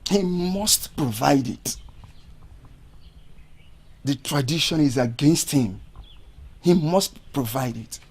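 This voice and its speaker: A stern Nigerian uncle. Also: male voice, fairly high pitch, lively intonation, slow, long pauses, darkish tone, breathy edge, full character voice. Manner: firm, lecturing. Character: stern uncle of the family, keeper of tradition.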